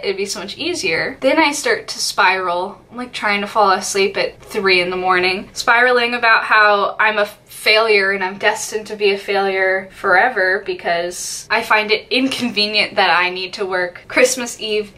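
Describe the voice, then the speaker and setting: A young woman with a bright, forceful voice chats through a get-ready-with-me vlog. She rambles openly about her worries and often puts herself down, and her pitch sits at a middle level. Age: young adult. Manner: rambling, candid and self-deprecating. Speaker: college student vlogger. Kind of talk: casual get-ready-with-me chat.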